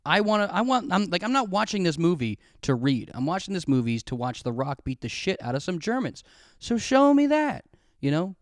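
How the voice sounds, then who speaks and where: A man's voice: sits high, sing-song, fairly quick, dry recording, studio quality. A young man hosting a solo podcast, rambling and swearing in a self-mocking comic rant while drinking at home. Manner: profane, rambling, self-mocking, acts out quoted voices. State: drinking alcohol. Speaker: podcast host. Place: alone at home, filming himself. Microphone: camera pointed at his face.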